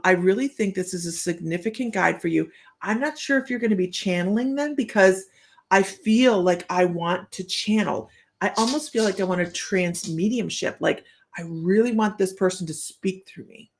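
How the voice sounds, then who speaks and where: Chatty woman with a gravelly voice. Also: mid-range voice. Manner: chatty and rambling, often laughing. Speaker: psychic medium. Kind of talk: casual live-stream reading.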